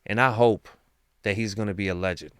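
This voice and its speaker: A man talks through his team's chances in a casual, rambling, slangy way that swings between excitement and hushed asides. His voice is smooth and resonant. The recording is close and dry, with almost no room sound. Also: fairly low pitch, brisk, dry recording. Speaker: sports commentator. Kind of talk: casual fan commentary.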